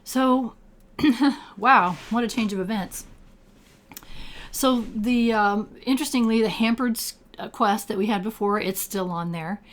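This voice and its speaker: A woman's voice: a little high, measured pace. An older retired woman playing a farming game, chatting casually and reading game text aloud. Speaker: game streamer. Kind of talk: casual let's-play commentary.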